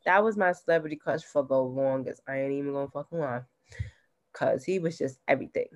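A woman's voice: very deep voice, brisk, darkish tone. A woman co-hosting a podcast in casual chat, laid-back and slangy, laughing often. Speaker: podcast co-host.

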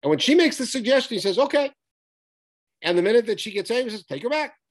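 A man's voice: very high voice, very animated, fast. A man teaching a Bible text study, reading Hebrew verses aloud and then explaining them with emphasis.

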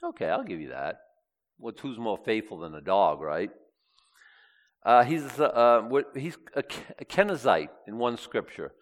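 A man preaching a sermon, reading scripture aloud and swinging between loud and hushed delivery. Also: mid-range voice, sing-song, measured pace.

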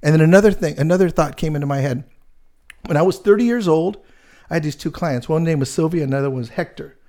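Fast-talking gravelly man telling stories. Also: a little high. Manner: rambling, animated storyteller with many fillers. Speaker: real estate agent telling a story. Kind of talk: casual storytelling chat.

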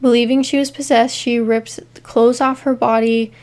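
A woman's voice: a little high, flat delivery, moderate pace, darkish tone. A woman co-hosting a casual podcast, reading case notes with asides and frequent ums. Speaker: podcast co-host. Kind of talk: casual true-crime podcast chat.

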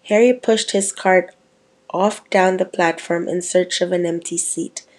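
A woman reading a chapter of a novel aloud in a steady storytelling manner, with small slips and restarts. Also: on the low side, unhurried. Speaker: reader.

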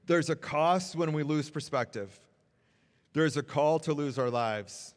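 A man's voice: fairly high pitch, measured pace, big-room sound. A man preaching a sermon in an earnest, encouraging way, repeating phrases for emphasis. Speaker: pastor.

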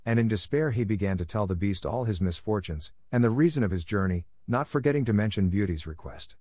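A man reads a classic story in a calm, steady audiobook narration. His voice sits somewhat low. It is recorded dry and close, with no room echo. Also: brisk.

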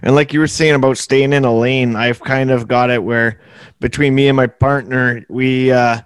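A laid-back Canadian host chats with a guest in an easy interview tone. His smooth voice sounds dry and close to the mic. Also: medium pitch, level tone, moderate pace, dry recording. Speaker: podcast host. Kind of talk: casual podcast interview.

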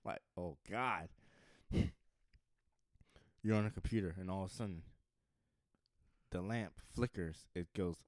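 A man co-hosting a casual comedy podcast, talking in a slangy way and laughing often as he pitches sketch ideas. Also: measured pace, pauses often, dry recording. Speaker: podcast co-host.

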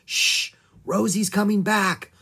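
A reader playing a careful, worried young boy in an audiobook, pitched higher than the narration and kept breathy. He gives slow, tense, whispered warnings. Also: expressive.

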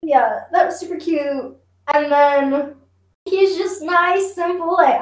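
A woman's voice: sits high, steady tone, measured pace. A young woman co-hosting a podcast, chatting casually about a TV episode with a giggly manner and lots of fillers. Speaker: podcast co-host. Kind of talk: casual chat recapping a TV episode. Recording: roomy echo.

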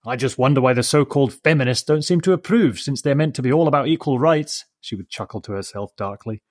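A man hosting a podcast who reads a story aloud in a slow, measured, reflective way. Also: lowish voice.

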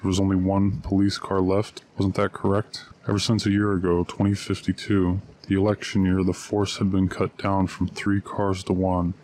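A man reading a short story aloud, narration and dialogue in one steady, low-key voice. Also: normal speed, hardly any pauses, slight background noise.

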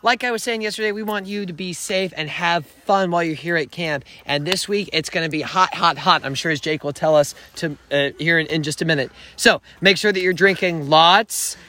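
Bright-voiced man giving safety tips. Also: on the high side, a little fast, hardly any pauses, a little hiss or hum. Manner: friendly, emphatic reminders. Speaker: camp safety staff. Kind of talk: casual announcement.

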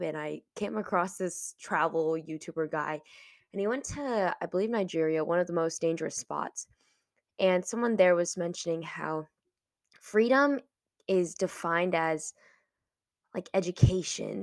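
A woman's voice: on the low side, no room sound, clean studio sound. A 21-year-old woman hosting a solo podcast, chatty and reflective and laughing often as she talks. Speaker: podcast host. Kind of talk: casual solo podcast talk.

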